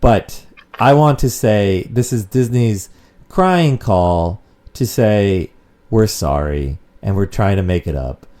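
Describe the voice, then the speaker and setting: A man co-hosts a laid-back podcast in a low, mellow voice. He rambles from one thought to the next, swears casually, and keeps the chat loose. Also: animated, takes it slowly. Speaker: podcast co-host.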